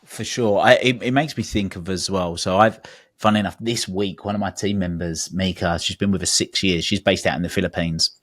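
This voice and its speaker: A man's voice: low voice, fairly even intonation, fairly quick, fairly bright tone, no room sound, clean studio sound. A man hosting a podcast interview, asking long, thoughtful, winding questions. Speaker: podcast host. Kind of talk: conversational interview.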